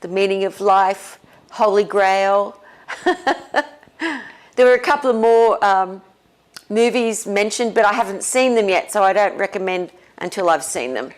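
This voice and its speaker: A woman spiritual teacher talking casually and leading a guided meditation, relaxed and often laughing. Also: medium pitch. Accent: non-American English. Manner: slow, relaxed, with frequent laughs.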